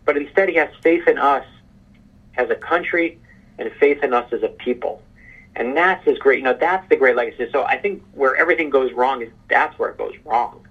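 Animated man, husky lo-fi call audio. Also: medium pitch, brisk. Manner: animated, emphatic storyteller. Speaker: podcast guest, author. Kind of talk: casual interview chat.

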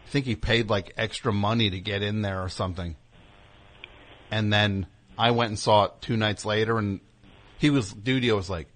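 A man hosting a comedy talk show who rambles from one riff to the next with a sarcastic edge. His voice sits fairly low, and his banter is loose and conversational. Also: steady tone, moderate pace, fairly bright tone. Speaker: radio show host.

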